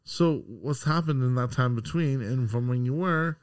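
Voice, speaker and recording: A man's voice: mid-range voice, normal speed, clear, resonant tone, no echo, clean studio sound. Agreeable man asking follow-up questions. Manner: agreeable listener, frequent backchannels and questions. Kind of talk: casual chat.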